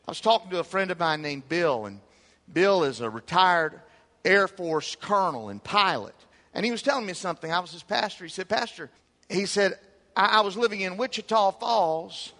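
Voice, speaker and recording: A middle-aged male pastor preaching a sermon with emphatic swings between loud peaks and soft low asides. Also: expressive, moderate pace. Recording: hall reverb.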